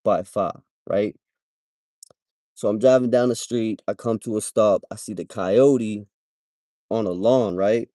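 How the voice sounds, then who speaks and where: A man's voice: on the low side, a little slow, long pauses, mellow, dry recording, studio quality. A man hosting a livestream, telling a story in a slangy, casual way and tagging "right?" onto his sentences. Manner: slangy, repeats "right?" as a tag. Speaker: livestream host.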